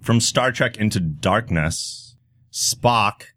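Male co-host, low-ish and animated, joking through an awards list. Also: moderate pace. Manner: joking, self-deprecating. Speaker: podcast co-host. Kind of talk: casual chat at a live awards show.

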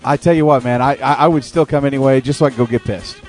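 A man's voice: medium pitch, fast, darkish tone, soft background music. An American man hosting an internet radio talk show, laid-back and chuckling as he banters.

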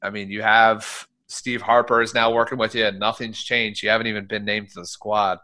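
A man's voice: fairly low pitch, little pitch movement, fairly quick, bright, forceful tone. A man hosting a casual sports podcast, talking in a loose, opinionated way with fillers. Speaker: podcast host.

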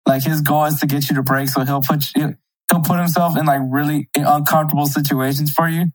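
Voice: mid-range voice, steady tone, fairly quick, low-quality recording. A podcast co-host chatting casually, laughing along now and then. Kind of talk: casual chat.

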